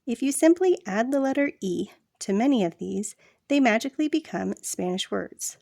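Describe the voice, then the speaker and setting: Woman doing a read-along lesson, gravelly and mellow, dry close sound, takes her time. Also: fairly high pitch, animated, no room sound. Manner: slow, deliberate reading with asides to the listener. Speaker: language tutor reading a textbook aloud.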